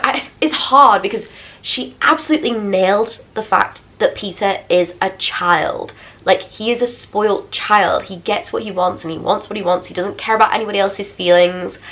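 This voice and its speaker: A young woman in her twenties, chatting casually and expressively as she reviews books for her vlog. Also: mid-range voice. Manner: chatty, expressive, self-deprecating asides. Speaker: book vlogger. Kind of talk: casual book review chat.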